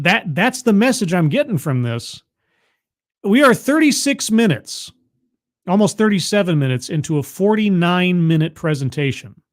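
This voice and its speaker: A man with a notably high speaking voice hosts a livestream, talking back at a video he is watching. His commentary is sarcastic and incredulous. He often stumbles and restarts his words. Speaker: livestream host reacting to a video. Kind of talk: casual commentary.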